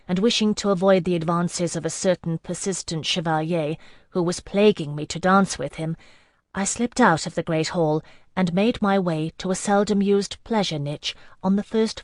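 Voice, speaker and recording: An audiobook narrator reading a fantasy novel in measured, first-person storytelling. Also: medium pitch, dry recording, studio quality.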